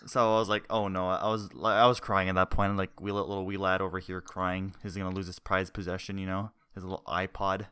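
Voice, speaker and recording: A man's voice: deep voice, level tone, a little fast, hardly any pauses, pushed and bright, clear, resonant tone, no echo. A young man co-hosting a podcast, telling a rambling, laugh-filled story in casual chat and swearing freely. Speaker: podcast co-host.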